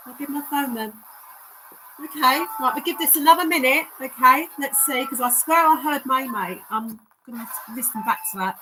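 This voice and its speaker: Woman, paranormal stream host, high and bouncy pet-coaxing delivery, noisy home audio. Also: moderate pace, sharp tone. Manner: sing-song coaxing, like talking to a pet. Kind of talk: coaxing livestream chat. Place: indoors at home, carpeted room.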